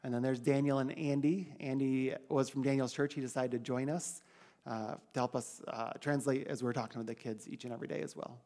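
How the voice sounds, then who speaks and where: A man's voice: medium pitch, brisk. Male trip leader, chatty and casual, telling a church crowd about the trip. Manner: chatty, animated when quoting others. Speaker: mission trip leader giving a church report. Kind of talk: casual storytelling to a congregation.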